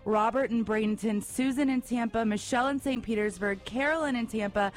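A woman's voice: a little high, brisk. A woman co-hosting a radio morning show, chatting enthusiastically and sometimes tripping over her words. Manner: enthusiastic, stumbles over words when excited. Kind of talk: fundraising radio chat.

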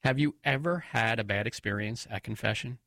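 Brief: male co-host, bright tense tone, lively pitch, dry close sound. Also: dry recording. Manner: emphatic, quick to laugh. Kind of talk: casual chat.

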